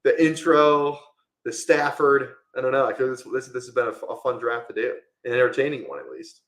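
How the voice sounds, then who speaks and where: Casual male streamer, rambling draft talk, mid-pitched, echoey room. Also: a little fast, fairly bright tone. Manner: rambling, casual, lots of "like" fillers. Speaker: fantasy football streamer. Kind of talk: live-stream draft commentary.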